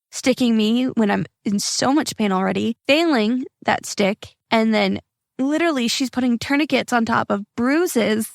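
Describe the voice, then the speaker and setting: A woman's voice: a little high, vocal fry, no room sound, studio quality. A young woman hosting a podcast, telling a personal story in an earnest, emotional, plain-spoken way. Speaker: podcast host.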